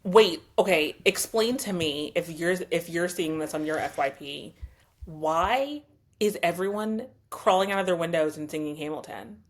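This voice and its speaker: A woman's voice: lowish voice, animated, moderate pace. A woman co-hosting a podcast in casual chat, blunt and playful, swearing casually. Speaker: podcast co-host.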